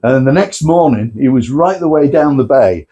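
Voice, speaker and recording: A man presenting at a club night, telling anecdotes in a lively way and acting out the people he quotes. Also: mid-range voice, normal speed, slightly rough, lo-fi sound. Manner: lively storyteller, acts out quotes.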